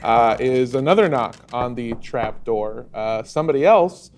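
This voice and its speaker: A man narrating a tabletop role-playing game as game master in a relaxed, descriptive storytelling manner. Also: medium pitch, unhurried, slight background noise.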